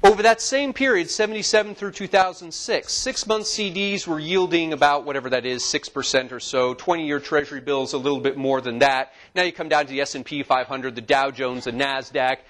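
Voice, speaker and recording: Male lecturer, forties, slightly raised pitch, lively and chatty with the audience. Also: brisk, hardly any pauses. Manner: lively, talks to the audience with asides and questions. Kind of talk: classroom lecture. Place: lecture hall.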